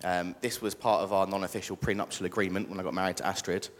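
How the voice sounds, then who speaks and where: A man's voice: low-pitched, fairly even intonation, fast talker. A young British man preaching a casual sermon and joking with the congregation. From Britain. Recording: echoey church hall.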